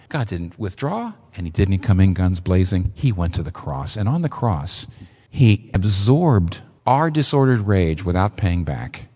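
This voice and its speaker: A man preaching a sermon, emphatic and expressive, with sudden leaps in pitch for emphasis. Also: long reverb tail. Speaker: pastor.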